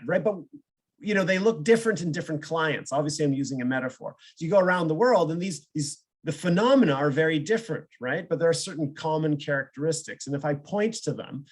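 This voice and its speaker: Male professor, a touch high in pitch, lecturing informally over a video call and explaining with examples. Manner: explains with examples, ends points with questioning "right?". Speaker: psychologist and professor giving a seminar. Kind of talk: conversational online seminar lecture.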